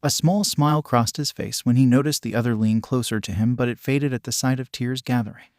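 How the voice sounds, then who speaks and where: Man reading a fanfic, dry and steady. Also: medium pitch, brisk, dry recording. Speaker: fanfic reader. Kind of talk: scripted narration.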